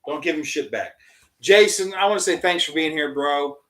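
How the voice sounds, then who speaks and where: Profane, animated man telling a story, higher voice. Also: moderate pace, roomy sound, low-quality recording. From United States. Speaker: podcast host. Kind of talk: casual podcast chat, storytelling.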